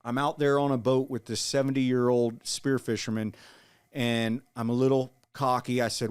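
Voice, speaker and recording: A man in his forties telling his story in an interview, earnest and halting, with frequent restarts. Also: medium pitch, flat delivery, smooth. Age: 40s. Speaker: guest, Marine veteran.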